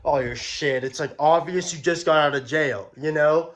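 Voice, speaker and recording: With a fairly high-pitched voice at a moderate pace, a young man shares a personal story as a vlogger. His retelling is casual and animated, full of slang and profanity.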